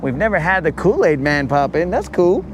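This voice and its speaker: A man's voice: fairly high pitch, very animated, normal speed, highs cut off, background noise. A man chatting and joking with his live viewers while fishing from a boat on a lake. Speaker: fishing livestreamer. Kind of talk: casual live-stream chat.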